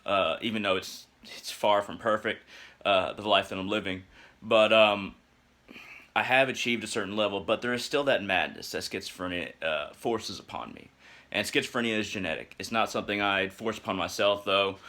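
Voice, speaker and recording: A young man talks through a personal reflection in a fairly low voice that still sounds bright and forceful. He is earnest and halting, filling pauses with uhs and restarting his sentences as he gropes for the right words.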